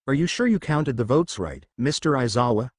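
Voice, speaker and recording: A man's voice: mid-range voice, expressive, moderate pace, no echo, clean studio sound, lightly acted. A man voicing a polite, unsure teenage girl in a raised voice. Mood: surprised unsure.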